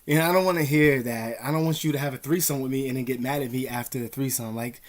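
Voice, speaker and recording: A man talks straight to his audience, handing out advice in a loose, rambling way. His speech is full of swearing, street slang and fillers, and his voice sits at an ordinary pitch. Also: fast talker, few pauses. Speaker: vlogger. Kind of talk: casual advice monologue.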